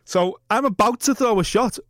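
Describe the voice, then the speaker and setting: A man's voice: high-pitched, normal speed, fairly bright tone, dry recording, clean studio sound. A man co-hosting a podcast, telling a long rambling anecdote with swearing and laughter. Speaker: podcast co-host. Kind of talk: casual storytelling chat.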